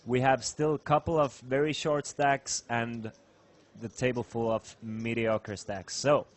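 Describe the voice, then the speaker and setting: A man's voice: medium pitch, steady tone, measured pace. A man commentating a live poker stream, calling the action and laughing easily.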